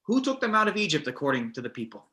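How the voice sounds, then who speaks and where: Guy leading a text study class, bright voice, keeps restarting sentences and acting stuff out. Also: a little high, quick pace. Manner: animated, many restarts, acts out the verses. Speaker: teacher.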